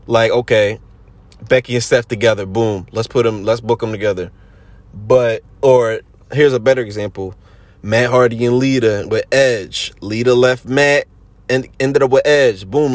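A man's voice: medium pitch, moderate pace, dry recording. A man hosting a podcast in a slangy, rambling, casual chat full of fillers. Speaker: podcast host.

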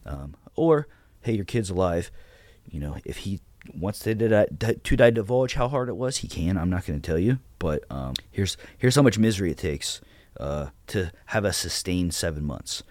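A man's voice: low-pitched, very animated, normal speed, few pauses, a little mellow, dry recording. A blunt, profane man in his thirties, a podcast guest telling stories about how he ran his platoon. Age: 30s. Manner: blunt, profane, retells his own orders. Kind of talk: casual interview storytelling.

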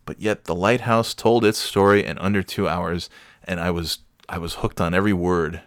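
A man's voice: low voice, fairly even intonation, moderate pace, dry recording, studio quality. A man chatting casually about a movie, rambling and profane, mocking himself as he goes.

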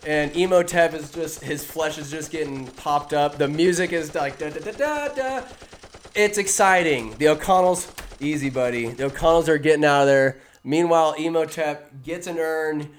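Talking fast and animated, this man casually retells a film one scene at a time, slipping into quick character impressions. His pitch is fairly high, with slight noise in the background.

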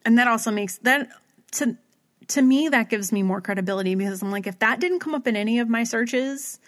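A woman's voice: on the high side, brisk. A woman in casual conversation, rambling through a long story, with lots of "like" and quotes acted out as she goes. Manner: rambling storyteller, heavy use of "like", acts out quotes. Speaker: podcast co-host recapping a paranormal TV episode. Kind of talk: casual chat.

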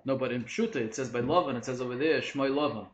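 A man leading a casual Torah study discussion, animated and questioning, mixing in Hebrew and Yiddish terms. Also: mid-range voice, fast talker. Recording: echoey room with faint noise.

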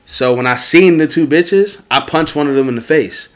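A young man in casual chat, telling wild stories and bursting into loud laughter. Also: a little high, normal speed.

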